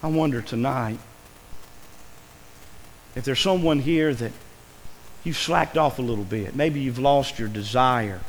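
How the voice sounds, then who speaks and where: A man's voice: medium pitch, a little slow, big-room sound, a little hiss or hum, low-quality recording. A man preaching a sermon in a church, earnest and pleading, his voice rising with emotion. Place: church sanctuary.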